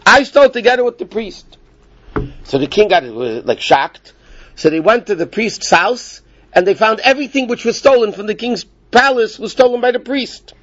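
A man's voice: high voice, normal speed, dry recording. Man with a raised voice, dull lo-fi sound. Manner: casual, rambling, self-interrupting. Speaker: Torah class teacher. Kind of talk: informal storytelling lesson. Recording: dull lo-fi dry recording.

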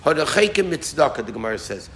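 A man giving an informal Torah talk as a rabbi, animated and folksy, sprinkling in Yiddish and Hebrew terms. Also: on the high side, fast, a little hiss or hum.

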